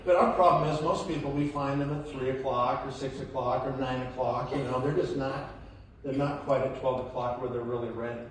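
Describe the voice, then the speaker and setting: A man giving an energetic live motivational talk to a hall audience, swinging into loud emphatic bursts and quizzing the crowd, captured from afar on a phone. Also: medium pitch, fairly quick, distant mic, a little hiss or hum. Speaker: motivational speaker at a sales event. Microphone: phone recording from the audience.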